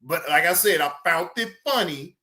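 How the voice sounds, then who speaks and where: A man hosting a livestream, giving casual reaction commentary in an animated, repetitive, teasing way. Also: a little high, moderate pace. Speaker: livestream host.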